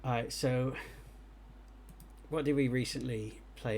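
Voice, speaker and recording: A man giving live gameplay commentary as he streams and reviews game jam entries, excitable and thinking aloud as he plays. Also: medium pitch, slow, slight background noise. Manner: excitable, talks to himself while playing.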